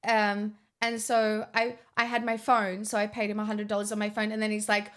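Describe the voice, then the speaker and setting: A woman's voice: medium pitch, monotone, normal speed, fairly bright tone. A young woman, chatting casually as a vlogger, swearing often and restarting her sentences. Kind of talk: casual storytime chat.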